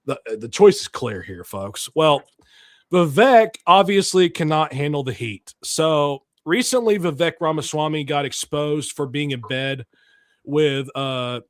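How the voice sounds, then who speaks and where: Male talk host, fairly high voice, blunt and ranting, dead-dry close mic. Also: expressive, unhurried, no room sound. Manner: blunt, heated, ranting with frequent restarts. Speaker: political talk show host. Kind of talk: casual opinionated commentary.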